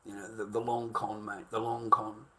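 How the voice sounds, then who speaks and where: A man's voice: on the low side, level tone, normal speed, bright, forceful tone. A man livestreaming a casual monologue, ranting in a heated, profane, repetitive way.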